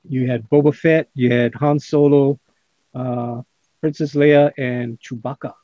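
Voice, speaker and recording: A man's voice: medium pitch, steady tone, unhurried, dark tone, dull audio. A man hosting a casual livestream, reading chat comments aloud with jokes and laughter. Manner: jokey, laughs often. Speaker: livestream host.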